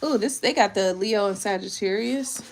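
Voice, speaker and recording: A woman tarot reader in casual chat, reading aloud from a book with chatty, animated asides and frequent laughter. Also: mid-range voice, normal speed, vocal fry, a little hiss or hum.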